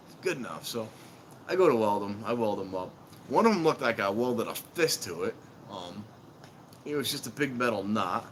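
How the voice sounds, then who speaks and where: A man's voice: fairly low pitch, expressive, normal speed, slight background noise. A middle-aged man chatting casually on a live stream, telling rambling, self-mocking stories outdoors.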